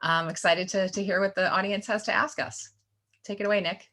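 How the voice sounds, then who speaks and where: A woman's voice: mid-range voice, steady tone, brisk, a bit bright. A woman hosting a panel discussion, cheerfully thanking speakers and handing off the floor. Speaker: panel host.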